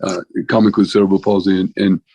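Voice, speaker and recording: A man's voice: deep voice, little pitch movement, quick pace, mellow, no room sound, rough recording. Older man telling rambling stories. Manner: talkative, full of restarts and "you know". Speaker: podcast guest, veterinarian and comedian. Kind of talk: rambling conversational storytelling.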